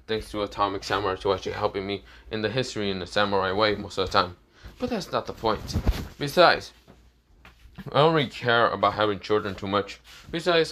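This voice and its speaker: A man's voice: fairly low pitch, fairly bright tone, slight background noise. A man as a profane, blunt young swordsman. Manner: profane, dismissive, rambling.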